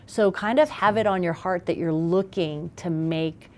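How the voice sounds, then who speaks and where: A middle-aged woman speaking as a parenting expert guest in a conversational interview, animated and acting out little scenes. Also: on the low side, measured pace.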